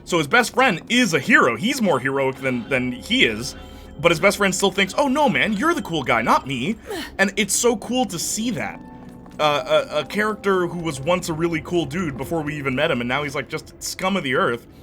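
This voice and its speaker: A man's voice: a little high, expressive, normal speed, pushed and bright, soft background music. A man giving casual let's-play commentary, rambling and enthusiastic with many fillers. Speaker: gameplay commentator.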